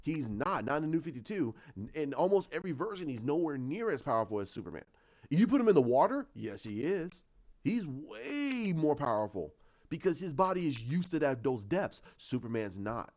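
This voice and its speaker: A man giving a casual fan rant, rambling and excited, with lots of restarts. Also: medium pitch. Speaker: commentator. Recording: dull lo-fi sound.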